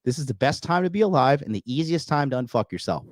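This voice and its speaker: A man's voice: fairly high pitch, sing-song, fast, hardly any pauses, no room sound. A man in his thirties hosting a call-in coaching show, talking in a boastful, profane, emphatic way with lots of fillers. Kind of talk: casual livestream monologue.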